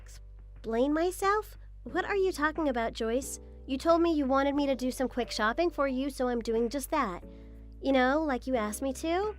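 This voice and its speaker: A woman's voice: sits high, animated, moderate pace, soft background music. A woman voicing a patient, apologetic young daughter-in-law in a scripted text-story drama. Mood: puzzled. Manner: apologetic, polite.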